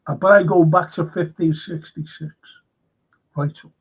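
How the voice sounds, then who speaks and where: This Liverpool man hosts a relaxed livestream as a historian, rambling along, swearing freely and reading viewer comments aloud. His voice is fairly high and slightly rough, with fairly even intonation at a normal speed. The sound is dull, lo-fi stream audio.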